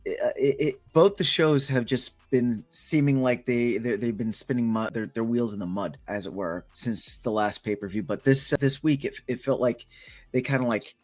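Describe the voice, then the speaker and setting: Casting: male podcast co-host, rambling delivery, dry sound, soft music underneath. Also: medium pitch, moderate pace, dry recording. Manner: rambling, frequent restarts. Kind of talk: late-night podcast chat.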